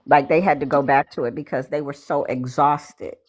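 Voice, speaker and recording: A woman host in casual chat, telling stories in an animated way and talking straight to her listeners. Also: low voice, moderate pace. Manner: animated storyteller, addresses listeners as y'all. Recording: dull lo-fi audio.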